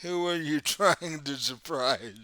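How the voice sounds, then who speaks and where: A man running a tabletop game as game master, explaining the scene slowly and chuckling often. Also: on the high side, sharp tone, no echo.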